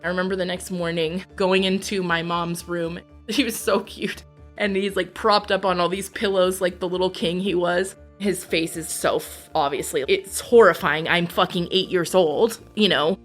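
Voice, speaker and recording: A woman's voice: lowish voice, fairly even intonation, normal speed, soft background music. A woman, a podcast guest, telling her own life story in a blunt, candid, profane way. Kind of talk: personal storytelling.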